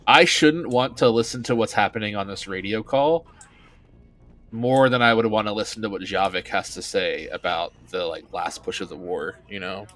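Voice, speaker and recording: A man's voice: on the low side, moderate pace, a bit bright, faint music behind. A man streaming a video game, talking casually in a rambling, hesitant way with blunt opinions. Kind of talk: casual commentary over a game.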